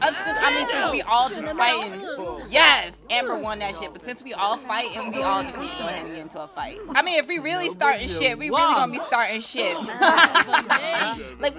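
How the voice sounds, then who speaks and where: A woman giving casual, profane commentary over a life-sim game, hyping and trash-talking the characters. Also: a little high. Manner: profane, playful, dramatic trash talk at the game. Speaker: let's play gamer. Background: game music.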